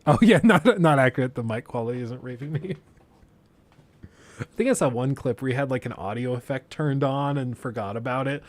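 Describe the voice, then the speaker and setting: A man's voice: medium pitch, expressive, fairly quick. A man chatting casually on a live stream, rambling loosely and slipping into impressions of others.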